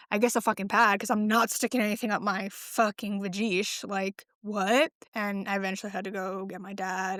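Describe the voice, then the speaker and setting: A woman's voice: medium pitch, steady tone, a little fast, few pauses, fairly bright tone, no room sound, studio quality. A pregnant woman in her late twenties hosting a podcast, talking casually and swearing often, with lots of "like" fillers. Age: 20s. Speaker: podcast host. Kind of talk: casual solo chat.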